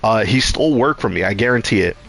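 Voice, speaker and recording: A man's voice: fairly low pitch, animated, fast talker, gravelly, fairly bright tone, faint music behind. A young male streamer talks loosely and profanely. He rambles through a story and acts out his own past lines in casual live-stream chat.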